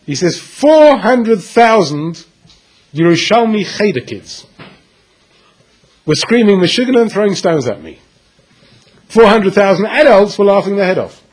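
A man delivers a Torah lecture as a story, acting out both sides of the dialogue and pausing for effect. His voice sits a little high and swings widely in pitch, with a husky grain throughout. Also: poor audio. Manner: animated storyteller acting out dialogue with dramatic pauses. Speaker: Torah teacher.

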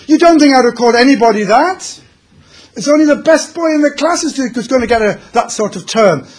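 A man voicing a famous old rabbi, loud and emphatic, mixing in Yiddish words. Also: extremely high pitch, lively intonation, a little fast, voice pushed up.

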